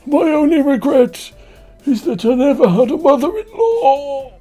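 A man voicing a badly injured man in a river who cracks weak jokes in a strained falsetto. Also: big pitch swings, unhurried, mellow, soft background music, exaggerated voice. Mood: feeble.

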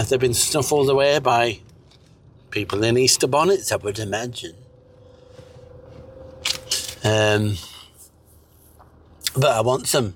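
A man's voice: mid-range voice, fairly bright tone, slight background noise, lightly acted. A man voicing a sleepy, mumbling man who fakes a clumsy French accent, full of hesitations. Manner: slow and mumbling, with many hesitations.

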